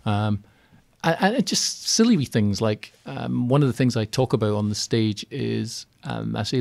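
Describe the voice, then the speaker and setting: A man's voice: fairly low pitch, fairly quick, creaky, dry recording. Chatty man in a dry studio. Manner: chatty and animated, acts out quotes. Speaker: radio guest, keynote speaker on property finance. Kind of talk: conversational radio interview. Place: radio studio.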